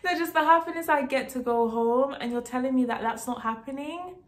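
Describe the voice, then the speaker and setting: A woman's voice: high voice, a little fast. A woman from Jamaica telling a casual storytime vlog story, emphatic, repeating herself and laughing between lines. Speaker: vlogger.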